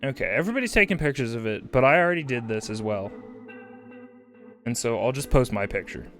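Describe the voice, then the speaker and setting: Lively-voiced laid-back male streamer. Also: mid-range voice, a little fast, faint music behind. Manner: rambling, laid-back, swears casually, reads chat aloud. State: high. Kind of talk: casual livestream chat.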